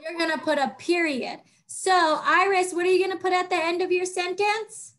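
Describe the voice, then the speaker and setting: Woman, teacher, high voice, patient, encouraging, video call. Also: fairly even intonation, fairly bright tone. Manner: patient, encouraging, slow and clear. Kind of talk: online class teaching young children.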